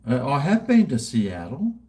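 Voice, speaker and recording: Speaking at a normal pace, this fifty-something man has a warm, medium-pitched voice that swings widely in pitch. He's at home running a casual livestream, drinking, muttering to himself and poking fun at himself.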